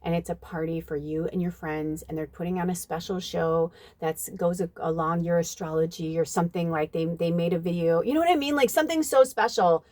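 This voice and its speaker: A woman in her fifties with a low, mellow voice, talking through a tarot reading to camera. She chats loosely with the viewers, calling them "you guys" and letting the odd swear word slip. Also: brisk, few pauses, no echo. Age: 50s. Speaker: psychic medium and tarot reader. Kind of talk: casual channeled reading to camera.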